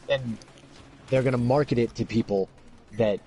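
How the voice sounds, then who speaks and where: A man's voice: mid-range voice, normal speed, dark tone, faint music behind. A man hosting a podcast in casual chat, rambling with constant fillers and swearing. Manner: rambling, profane, heavy "like" filler. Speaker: podcast host.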